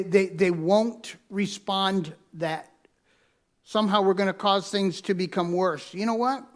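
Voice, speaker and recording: A high-voiced male pastor works from his notes during a sermon with a personal story, set in a church sanctuary. He restates his main points to drive them home and directs the congregation to underline or circle certain words.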